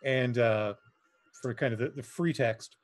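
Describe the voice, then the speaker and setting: A man's voice: mid-range voice, measured pace. A man player in a tabletop game, describing his moves hesitantly with many fillers. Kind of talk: casual tabletop game play.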